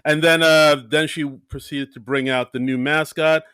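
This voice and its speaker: Bright male co-host with dry sound. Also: fairly high pitch, fairly even intonation, normal speed, smooth, no room sound. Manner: hesitant, with many fillers. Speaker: podcast co-host. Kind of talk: casual chat.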